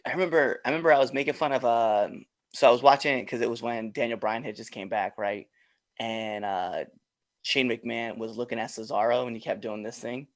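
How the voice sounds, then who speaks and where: A man's voice: medium pitch, fairly even intonation, fairly quick. Laid-back man hosting a podcast. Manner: laid-back, laughs a lot. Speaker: podcast host, wrestler. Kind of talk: casual interview chat.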